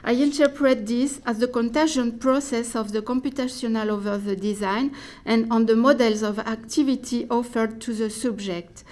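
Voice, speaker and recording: A woman's voice: fairly high pitch, steady tone, a little mellow. Woman reading a dense academic talk. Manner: careful, deliberate delivery with restarts and hesitations. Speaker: academic speaker.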